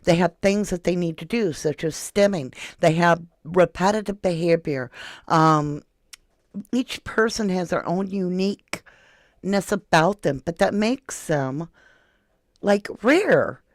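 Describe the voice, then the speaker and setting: A woman's voice: on the low side, animated, takes it slowly, no echo, clean studio sound. A woman from Florida hosting a casual true crime livestream, chatting and reading viewer comments aloud. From Florida, USA. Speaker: true crime channel host.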